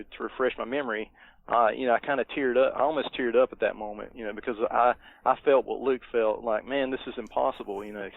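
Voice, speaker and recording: A man's voice: medium pitch, dry recording. A middle-aged man cohosting a podcast, talking casually and hesitantly with lots of fillers. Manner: hesitant, many fillers, nostalgic. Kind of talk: casual movie review chat. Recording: dry tinny phone-like line.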